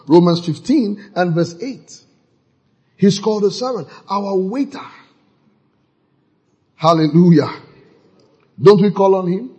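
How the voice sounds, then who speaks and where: A man preaching a sermon, lively and playful, acting out church members in mocking voices. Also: sits high, unhurried, long pauses. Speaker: pastor.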